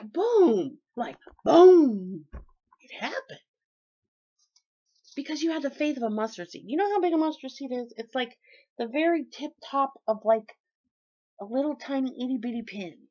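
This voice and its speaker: A woman talking in a casual, sermon-like faith vlog, lively and folksy, her voice jumping high and low and loud and soft. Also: breathy edge. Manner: lively, folksy and preachy, with big swings in pitch and loudness. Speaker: vlogger. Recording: dull lo-fi recording.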